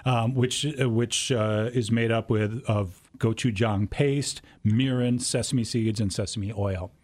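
A man, co-hosting a casual radio food segment, relaxed and halting with fillers. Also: lowish voice. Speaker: radio co-host.

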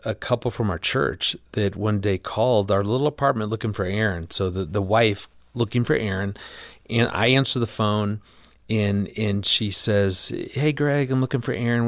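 A man's voice: fairly low pitch, dry recording, studio quality. A middle-aged man, a guest on an interview show, talking earnestly about marriage and acting out the voices in his stories. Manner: earnest storyteller who acts out quoted voices. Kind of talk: conversational interview storytelling.

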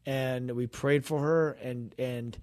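Guy on a faith podcast telling a story, acts out the voices, pretty animated, average pitch. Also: takes it slowly. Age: adult, grown pastor's kid. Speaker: podcast co-host and minister. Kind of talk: casual storytelling chat.

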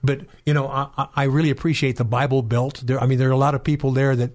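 A man hosts a religious talk program in an emphatic, animated way. He keeps affirming his guest with quick interjections. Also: mid-range voice. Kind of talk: religious political talk show.

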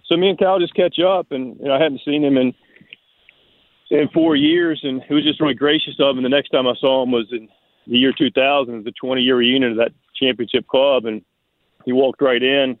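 A man's voice: medium pitch, steady tone, moderate pace, no echo. A man, a baseball manager as a radio guest, telling stories casually with many fillers and restarts. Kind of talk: casual storytelling on a call-in. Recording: tinny phone line, dry.

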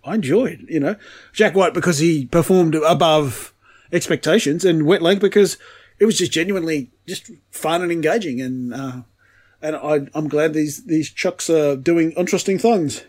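A man co-hosting a casual music podcast, talking in an animated, swearing way from a kitchen. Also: on the high side. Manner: animated, swearing, fast tangents. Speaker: podcast co-host. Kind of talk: casual chat.

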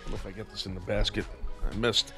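A man's voice: lowish voice, fast, soft background music. A man hosting a sports radio talk show, telling a long story and acting out every voice in it. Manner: animated storyteller acting out both sides of a confrontation.

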